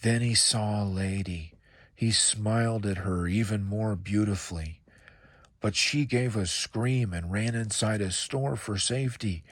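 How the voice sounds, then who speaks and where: Low-voiced man reading a storybook. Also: no room sound, studio quality. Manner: calm, measured storytelling. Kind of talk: reading a children's book aloud.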